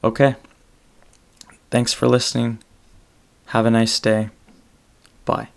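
A man's voice: mid-range voice, monotone, slow pace, creaky. A man hosting his own podcast alone, talking in a casual, meandering way and correcting himself as he goes. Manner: meandering, self-correcting delivery. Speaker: solo podcaster.

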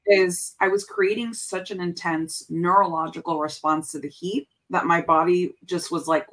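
A woman in her thirties talks openly about her past, her voice sitting slightly low, her story full of fillers and restarts. She drops Spanish phrases into casual chat. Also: steady tone, normal speed, hardly any pauses, a bit bright. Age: 30s. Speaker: podcast guest. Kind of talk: casual conversation.

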